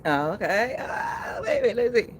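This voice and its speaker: A woman in her forties chats on a live stream, laughing easily and calling out to viewers by name. Her voice sits at a middle pitch with a faint hum of noise behind it. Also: lively intonation, a little slow. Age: 40s. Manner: chatty, laughs often, greets viewers by name. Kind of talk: casual live-stream chat.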